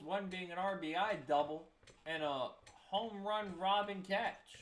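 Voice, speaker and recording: A young man streams live baseball play-by-play in a high, bright voice. He sounds a bit tired and keeps it casual, with self-deprecating remarks tucked between the calls. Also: a little slow. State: tired, yawning.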